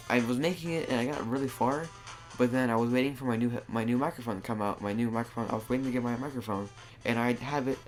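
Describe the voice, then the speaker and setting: A man giving casual, rambling commentary over his gameplay, often restarting his sentences. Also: mid-range voice. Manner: rambling, with frequent restarts and filler words. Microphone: new desktop microphone.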